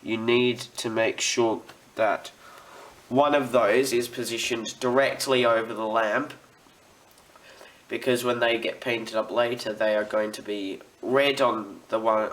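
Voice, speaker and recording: A man's voice: medium pitch, steady tone, unhurried, a bit bright. A young man with an Australian accent, a student, giving a rambling, chatty model railway building tutorial while he works. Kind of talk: casual hobby tutorial.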